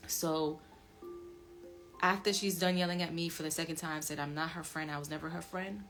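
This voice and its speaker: A woman telling a personal story in emotional casual speech. She swings from low muttering to loud, emphatic outbursts. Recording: music playing under the voice.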